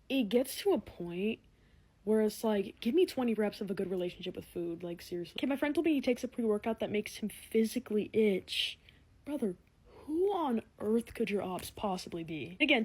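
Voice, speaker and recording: A woman's voice: mid-range voice, husky. A young woman delivering a sarcastic comedic rant with exaggerated shifts in tone. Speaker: comedy content creator.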